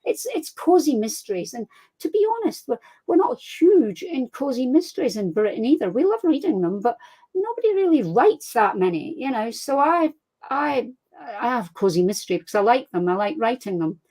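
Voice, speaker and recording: A woman with a Scottish accent, a crime fiction author chatting as an interview guest, telling lively anecdotes and laughing easily. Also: fairly high pitch, moderate pace, breathy edge, rough recording. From Scotland. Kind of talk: casual interview chat.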